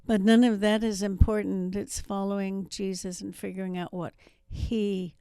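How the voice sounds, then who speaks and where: A woman's voice: mid-range voice, flat delivery, normal speed, mellow, clear, resonant tone, dry recording. A woman in her seventies from New Zealand, with a faint New Zealand accent, telling her life story as an interview guest with self-mocking asides. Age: 70s. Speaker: guest missionary. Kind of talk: testimony interview.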